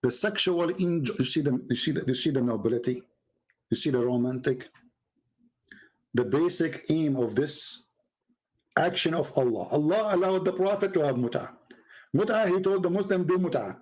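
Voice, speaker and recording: A man giving mocking, sarcastic commentary as he reads from a website on screen. He swings from low mutters to sudden high exclamations. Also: moderate pace, long pauses, a little mellow, low-quality recording. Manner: mocking and sarcastic, with exaggerated mock praise. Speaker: religious debater and commentator.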